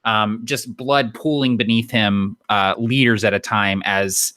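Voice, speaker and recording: A man's voice: lowish voice, steady tone, a little slow, bright, forceful tone, no room sound, clean studio sound. A man playing in a tabletop role-playing game, joking and laid-back as he describes his character's state. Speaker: player. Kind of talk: casual tabletop play.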